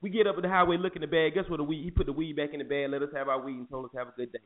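Dude talking fast and high, slangy storyteller, tinny phone-ish sound. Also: male voice. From North Carolina. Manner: animated, slangy, jumps into impressions of police. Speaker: podcast host. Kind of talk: casual chat, storytelling.

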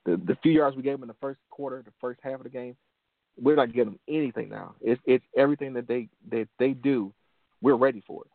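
A gravelly-voiced man from Detroit tells a personal story in an earnest, motivational way, circling back on key phrases. The sound is dry and narrow, like a phone line, with no room around him. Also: medium pitch, fast talker, no room sound. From Detroit, USA. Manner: earnest, repeats phrases for emphasis. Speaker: motivational show host.

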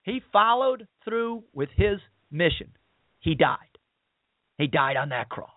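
A high-pitched man speaks as a podcast host, emphatic and repetitive, retelling a story in a loose sermon-like style. The sound is dry and tinny, as if over a phone line. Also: sing-song, takes it slowly, no echo. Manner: emphatic, repetitive, peppered with "man" and "you know". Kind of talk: casual spoken retelling, sermon-like.

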